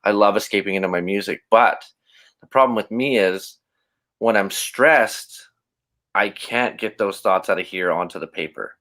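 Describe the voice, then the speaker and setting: A man's voice: fairly low pitch, moderate pace, fairly bright tone. A man speaking as a podcast guest, reflective and open, often restarting his sentences. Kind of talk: casual interview chat.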